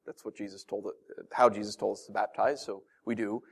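A pastor preaching a casual, earnest sermon, often pausing with fillers. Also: male voice, on the low side, steady tone, gravelly, breathy edge. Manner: conversational, filler-heavy, earnest.

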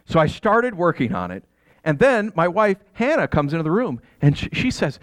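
A fairly high-voiced man performs a dramatic first-person story and preaches it straight to his listeners. His delivery is lively and full of rhetorical questions, swinging from hushed asides to exasperated bursts. The sound is close and dry, with no room echo. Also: brisk. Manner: animated, swinging from quiet asides to exasperated near-shouting.

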